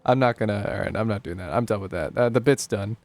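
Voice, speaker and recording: A man's voice: lowish voice, fast, soft background music. A young man casually commenting on a horror game as he streams it live, joking and thinking aloud. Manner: chatty, jokey, thinking aloud.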